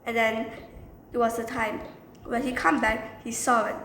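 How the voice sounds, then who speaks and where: A woman's voice: a little high, fairly even intonation, measured pace, a bit bright, roomy sound, a little hiss or hum, rough recording. A young woman casually telling a classroom story, rambling and restarting as she goes. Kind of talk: casual storytime narration with acted quotes.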